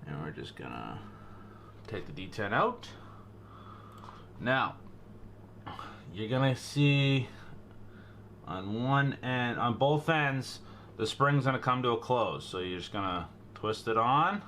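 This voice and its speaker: A man's voice: mid-range voice, lively intonation, slow, long pauses, sharp tone, a little hiss or hum. A young man with a Boston accent hosting a casual gun-maintenance how-to, chatty and jokey, calling his viewers guys and bro. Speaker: gun channel host.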